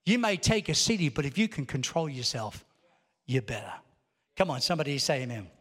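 A man's voice: mid-range voice, sing-song, fairly quick, slightly rough. A male pastor preaching a sermon, telling a story and building to emphatic calls to the congregation. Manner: storytelling, rising to emphatic exhortation. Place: large church auditorium. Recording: long hall reverb.

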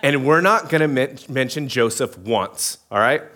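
A man's voice: medium pitch, animated, normal speed, pushed and bright. A man, preaching a sermon in a casual, joking way and often asking the crowd questions. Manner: casual, joking, many restarts, asks the crowd. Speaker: pastor.

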